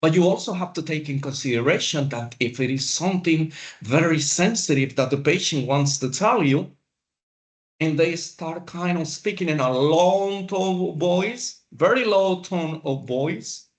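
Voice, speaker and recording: Slow-talking male instructor. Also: fairly high pitch. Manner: slow, deliberate, with pauses. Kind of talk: classroom lecture.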